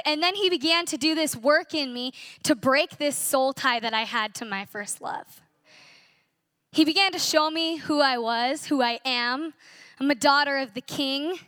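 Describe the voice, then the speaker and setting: A woman's voice: sits high, unhurried, a bit bright, dry recording, clean studio sound. A young woman in her twenties sharing an earnest, emotional personal testimony at a church conference, telling her story with animation.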